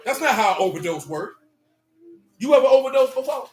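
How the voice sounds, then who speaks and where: A man leading a loose, joking Bible study, talking in animated, teasing slang. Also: very high voice, fairly quick, slight background noise. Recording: echoey room.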